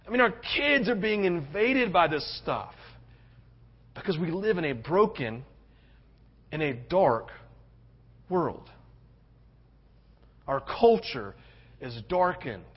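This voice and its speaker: A male pastor preaching a sermon, passionate, swinging between loud urgency and hushed tenderness. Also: high-pitched, animated, slow, pauses often, slightly rough. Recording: dull lo-fi sound.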